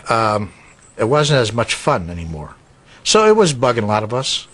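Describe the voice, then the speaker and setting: A man interviewed for a documentary, recalling the past in a halting, reflective way. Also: mid-range voice, huge pitch swings, fairly bright tone.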